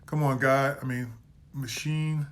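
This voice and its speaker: Hosting a live market commentary stream, a man with a medium-pitched, steady voice casually walks through trades, repeating price levels and calls. He's unhurried, often trips over words and corrects his own slips, with a slight hiss or hum in the audio.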